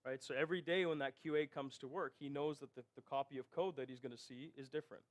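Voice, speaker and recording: A man presents at a technical conference, talking fast in a mid-range voice with a steady tone. His style is explanatory, moving step by step and repeatedly checking in with the audience using rhetorical "right?"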